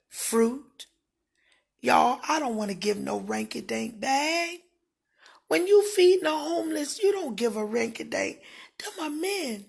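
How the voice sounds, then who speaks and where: A woman speaking casually to livestream viewers, emphatic and given to shouting when aggrieved. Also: a little high, vocal fry, slightly rough.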